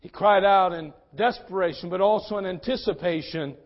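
A male pastor delivers an impassioned sermon in a church, his volume surging and falling. His voice sits high for a man. The recording is dull and lo-fi. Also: moderate pace. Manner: impassioned preaching with big swings in loudness.

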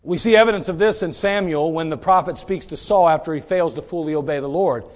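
A man preaching a sermon, animated, moving from quiet asides to loud shouting and firing rhetorical questions at the congregation. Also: fairly high pitch, fast.

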